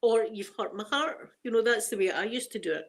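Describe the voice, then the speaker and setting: Talking fairly quickly in a slightly high voice, this middle-aged ASMR channel host from Scotland rambles through slang-filled stories in a relaxed chat. Her accent is Glaswegian.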